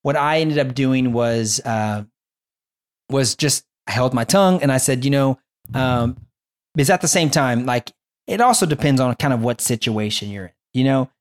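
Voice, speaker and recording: A young man tells a personal story in loose, casual chat about faith. He rambles with lots of restarts and fillers. His voice leaps up sharply when he gets excited and drops low and quiet when he turns reflective. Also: moderate pace.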